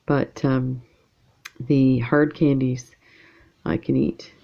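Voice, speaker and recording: A woman talks slowly and casually over her beading work, wandering from thought to thought with plenty of ums. Her voice has a gravelly, fried edge. The recording sounds a little dull and lo-fi. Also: extremely low pitch, level tone. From Canada. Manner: rambling, chatty, lots of fillers. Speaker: beading channel host. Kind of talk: casual chat while beading.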